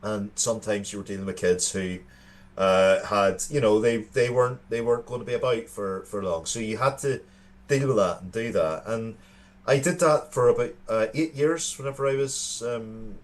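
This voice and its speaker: Irish male co-host, thirties, low register, sincere storyteller. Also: moderate pace. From Ireland. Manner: earnest storytelling with frequent restarts. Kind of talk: casual chat.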